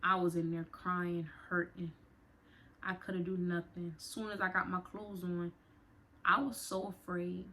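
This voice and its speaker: Young adult woman, slightly low voice; vlogger retelling a hard personal story, conversational and emotional, talks straight to her viewers. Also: level tone, a little slow, fairly bright tone. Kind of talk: storytime vlog.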